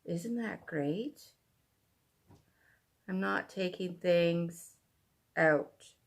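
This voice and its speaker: Canadian lady rambling about her stitching stuff, lowish gravelly voice, takes her time. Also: extremely slow. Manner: chatty and rambling, with fillers and asides. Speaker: cross-stitch vlogger. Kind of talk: casual chat.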